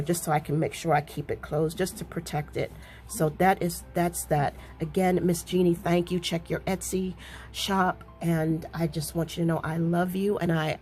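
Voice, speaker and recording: A woman chatting casually to her viewers, gushing and excitable, often repeating herself as she talks. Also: low voice. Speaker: crafting vlogger.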